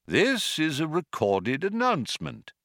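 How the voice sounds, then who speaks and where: A man reading an audiobook and voicing an old recorded announcer from an ancient world, hollow and reedy, polite with quiet menace. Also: a little high, wildly swooping pitch, measured pace, no room sound, studio quality, pitched above the performer's own voice, heavily acted. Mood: courteous.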